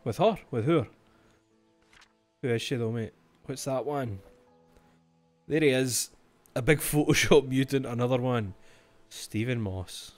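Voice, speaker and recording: A man's voice: mid-range voice, unhurried, long pauses, darkish tone, faint music behind. Give me a Scottish man in his twenties live-streaming a game, swearing and joking as he reads clues aloud. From Scotland. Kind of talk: livestream gameplay commentary.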